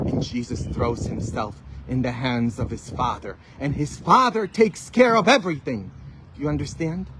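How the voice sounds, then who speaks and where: A man, a Catholic priest, preaching a sermon with emphatic rhetorical questions and sudden loud bursts. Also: mid-range voice, background noise.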